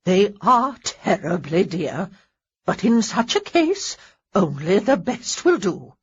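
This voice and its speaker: A woman's voice: medium pitch, big pitch swings, slow pace, husky, highs cut off, full character voice. A woman voicing a grand, imperious elderly lady who barks her pronouncements. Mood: grandiose.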